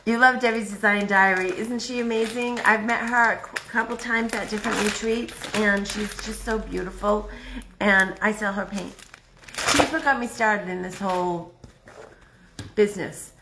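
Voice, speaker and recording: A woman hosting a casual live craft stream, chatty and excitable, thinking out loud as she works. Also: mid-range voice, normal speed, roomy sound, background noise. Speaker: craft livestream host.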